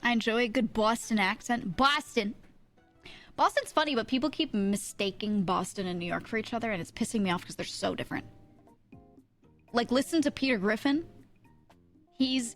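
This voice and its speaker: A woman's voice: fairly high pitch, normal speed, pauses often, a bit bright, faint music behind. A young woman from New Jersey with a New Jersey accent, chatting casually with her stream and laughing often as she reads chat aloud.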